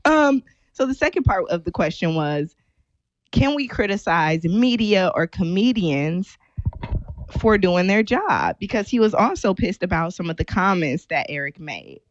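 A woman's voice: lowish voice, sing-song, unhurried, no room sound, lo-fi sound. A woman co-hosting a podcast, chatting casually, teasing her co-host and laughing often. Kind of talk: casual chat.

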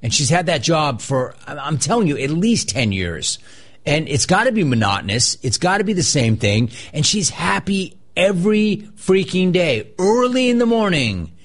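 Animated middle-aged male radio host. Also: normal speed. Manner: animated, mocks people in a high put-on voice. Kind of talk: casual call-in radio talk.

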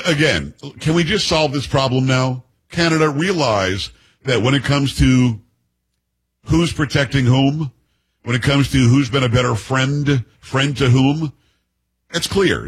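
A chatty man from the United States hosts a talk show, riffing on the news with sarcastic asides. His voice is husky and rough, with some breath in it. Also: mid-range voice, low-quality recording. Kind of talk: casual political commentary.

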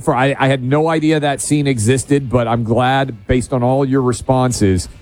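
A man hosting a talk radio show, chatting casually with quick restarts and asides. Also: medium pitch, a little mellow.

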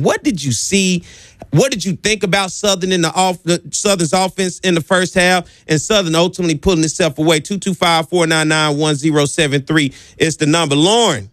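A man's voice: sits high, fairly bright tone, dry recording, studio quality. A man hosting a sports talk radio show, joking and slangy as he talks to guests and callers.

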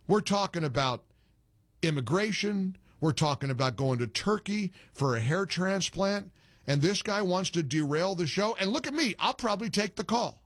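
Brief: middle-aged male radio host, lively swooping pitch, higher voice, dry studio sound, rambling and sarcastic. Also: normal speed, no room sound. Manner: animated, joking and exasperated, rambling. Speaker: radio talk show host. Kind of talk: call-in talk radio.

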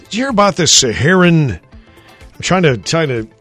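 Rambling, husky-voiced male radio host. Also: fairly high pitch, big pitch swings, moderate pace, a bit bright, soft background music. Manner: rambling, thinks aloud. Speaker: radio morning show co-host. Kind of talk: casual radio chat. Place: radio studio.

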